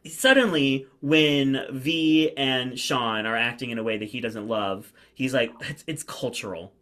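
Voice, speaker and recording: A man co-hosting a podcast in casual chat, animated and quick to mimic the people he talks about. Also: medium pitch. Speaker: podcast co-host.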